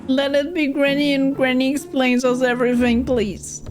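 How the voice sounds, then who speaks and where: A woman's voice: sits high, level tone, normal speed, voice pushed up, natural voice. A woman voicing jittery young kids, reading game dialogue aloud in a playthrough, with music underneath. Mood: excited.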